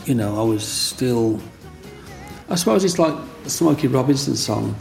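A man's voice: mid-range voice, animated, moderate pace, gravelly, over loud music. An older man telling his own story in a rambling, restart-filled way, as an interviewee. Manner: rambling, with restarts and "you know what I mean".

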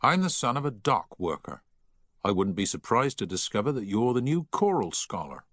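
A man voicing a kind, steady senior schoolboy prefect who speaks gently but firmly. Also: on the low side, a little fast, no echo, clean studio sound, pitched above the performer's own voice.

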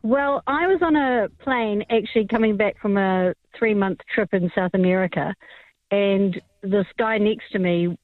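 A woman's voice: mid-range voice, a little slow, no echo. Kiwi lady calling in, chatty storyteller, phone line sound, dry. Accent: New Zealand. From New Zealand. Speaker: caller.

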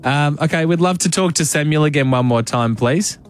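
A man's voice: a little high, brisk, faint music behind. An Australian man hosting a radio show, playfully teasing a caller in casual chat. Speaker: radio host.

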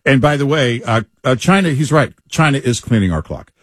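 A man's voice: mid-range voice, expressive, fairly quick, no room sound, studio quality. A man co-hosting political talk radio, agreeable and matter-of-fact, backing up his partner. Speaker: radio co-host.

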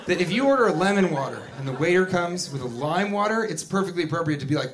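A man doing a stand-up routine, animated, breaking into shouted, indignant rants. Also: sits high, fast, hardly any pauses, a crowd in the background, noisy background. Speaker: stand-up comedian.

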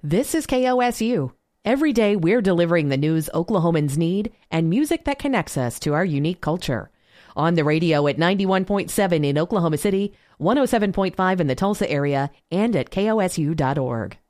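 A woman's voice: fairly low pitch, animated, brisk, a little mellow, no echo, clean studio sound. A woman reading a scripted radio station promo as announcer.

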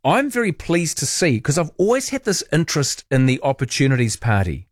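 A man's voice: fairly high pitch, very animated, fairly quick, no room sound, clean studio sound. A man hosting talkback radio, chatty and opinionated, musing aloud with playful asides.

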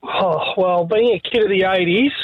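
A man's voice: high voice, moderate pace, no echo, narrow, tinny audio. A man in his forties with an Australian accent, calling a radio show to tell a blunt, laughing story about his childhood. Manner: blunt, laughing, swears casually. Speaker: caller. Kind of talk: phone-in anecdote.

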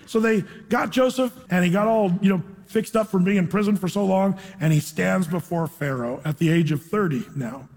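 A man's voice: high voice, normal speed, hardly any pauses, a little mellow. A male pastor preaching a sermon, retelling a story in a casual, dramatic way with acted voices. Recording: echoey hall.

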